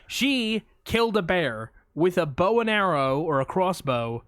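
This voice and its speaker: Lively high-voiced man boasting. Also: measured pace, dry recording, clean studio sound. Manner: animated, boastful storytelling. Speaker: podcast co-host. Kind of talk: casual movie podcast banter.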